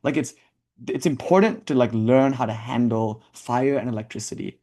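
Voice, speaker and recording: A man's voice: mid-range voice, moderate pace, dark tone. A man giving a reflective spiritual talk in a conversational, self-questioning way, thinking aloud as he goes. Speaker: spiritual teacher.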